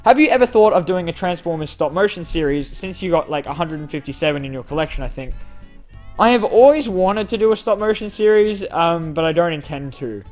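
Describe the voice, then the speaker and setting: A man's voice: fairly high pitch, lively intonation, brisk, darkish tone, faint music behind. Young man answering fan questions. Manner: self-deprecating, rambling with fillers. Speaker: YouTube channel host answering fan questions. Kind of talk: casual Q&A reading comments aloud.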